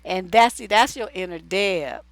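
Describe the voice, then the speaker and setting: A woman's voice: medium pitch, lively intonation, unhurried, creaky, no echo. A woman hosting a relationship advice livestream, reading viewer letters aloud and cutting in with blunt, casual, profane remarks.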